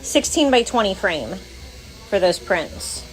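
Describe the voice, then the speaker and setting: A woman's voice: medium pitch, sing-song, takes it slowly, poor audio. A woman co-hosting a casual livestream from a tattoo studio, reading viewer comments aloud and talking bluntly with some swearing. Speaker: livestream co-host.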